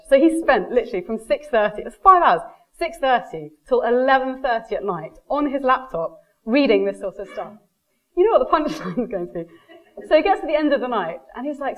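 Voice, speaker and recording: Lively woman giving a talk. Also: a little high, quick pace, poor audio. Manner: lively storyteller, quotes people in animated voices. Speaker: speaker giving a marketing talk. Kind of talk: live presentation to an audience.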